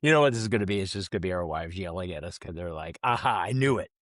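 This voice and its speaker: A man co-hosting a casual podcast chat, rambling and animated, with lots of restarts. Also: sits low, rapid-fire, no room sound, studio quality. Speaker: co-host.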